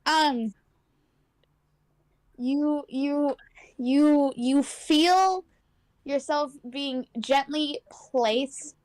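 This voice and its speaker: A woman with a high voice narrates a tabletop adventure as game master, casual and rambling, stopping often for fillers and restarts. Her voice comes through dry and close, with no room sound behind it. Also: very slow, long pauses, darkish tone, no echo.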